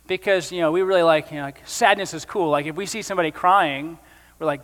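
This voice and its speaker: A man's voice: sits high, rapid-fire, fairly bright tone, big-room sound. A male pastor preaching a sermon in a conversational way, with joking asides.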